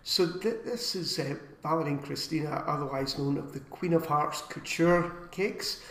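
A man with a fairly high voice chats through a casual live stream, rambling a little and pausing on fillers. The sound is roomy, with an echo off the walls. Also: a bit bright. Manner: chatty, rambling, with filler pauses.

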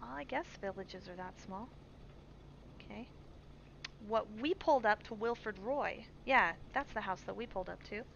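A woman's voice: mid-range voice, normal speed, creaky, fairly bright tone. A woman streamer giving chatty, jumpy live commentary while playing a survival game, reading on-screen text aloud. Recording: dull stream mic with faint hiss.

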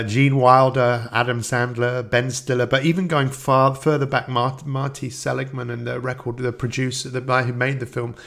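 Male podcast host, earnest rambling monologue, gravelly, chuckles often. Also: medium pitch, a bit bright. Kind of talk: personal reflective monologue.

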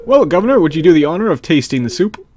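A man's voice: a little high, sing-song, fast talker, darkish tone, a little hiss or hum. A man voicing a jovial, folksy town mayor who announces the festival.

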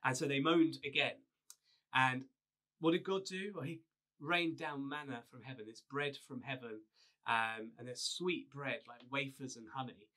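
A man pastor giving a video sermon, retelling a story in a relaxed, conversational way with frequent fillers. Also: medium pitch, moderate pace.

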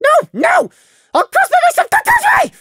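A man voicing a small, panicky male pony who shrieks in a squeaky voice. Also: huge pitch swings, moderate pace, sharp tone, dry recording, clean studio sound, heavily acted. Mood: panicked. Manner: shrieking, frantic.

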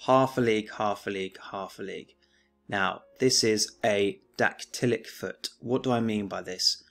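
A man teaching a remote lesson, reading a poem aloud in a measured, declaiming way and then explaining it plainly. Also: lowish voice, creaky, a bit bright, faint music behind.

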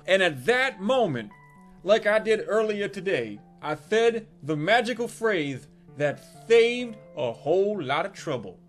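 Male comic storyteller, 30s, high-pitched, foul-mouthed and brash. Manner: profane, brash, animated storytelling. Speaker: comedic storyteller. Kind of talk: crude comedic storytelling monologue.

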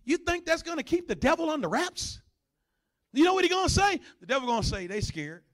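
A male pastor preaching a sermon, swinging between conversational asides and loud, high bursts, sometimes growling to act out a dog. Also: very animated, fast.

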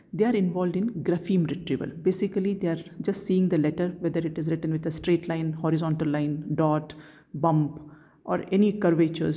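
A woman teaching anatomy in a recorded video lecture, her voice low and mellow. She explains patiently and steadily, often asking a question and then answering it herself. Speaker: neuroanatomy lecturer.

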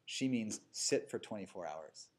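Husky-voiced man giving a dharma talk. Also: lowish voice, lively intonation, a little slow, a little mellow. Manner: casual, storytelling, tags lines with "right?" and "you know". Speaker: meditation teacher. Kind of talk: dharma talk to a live group. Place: yoga studio with a seated audience.

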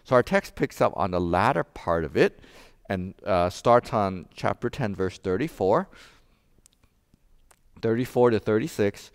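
A man preaching a sermon as pastor, telling a joke and then explaining scripture with animated rhetorical questions. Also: lowish voice, measured pace, clear, resonant tone, no echo, clean studio sound. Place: church sanctuary.

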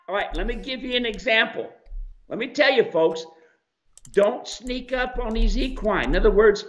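A man's voice: high voice, a little slow. A man hosting an advice show on mule training, talking in a casual, folksy way and acting out quoted voices. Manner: animated, acts out animals and people in quoted asides. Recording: dull lo-fi sound.

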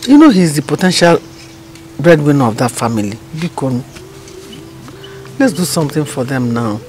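A woman's voice: low-pitched, very animated, moderate pace, darkish tone, a little hiss or hum. An actress playing an older village mother who coaxes her son insistently. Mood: coaxing. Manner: coaxing, insistent pleading. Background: film score music.

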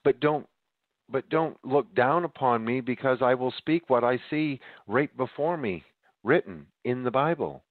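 A man's voice: mid-range voice, expressive, unhurried, no echo. Winded preaching man on a tinny line. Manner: emphatic, addresses listeners as ladies and gentlemen. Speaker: podcast host. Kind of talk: preaching monologue.

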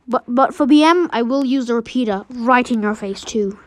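A young woman giving casual, excitable gameplay commentary, trash-talking and trailing off into mutters. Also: on the high side, normal speed, few pauses, no room sound. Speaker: game streamer.

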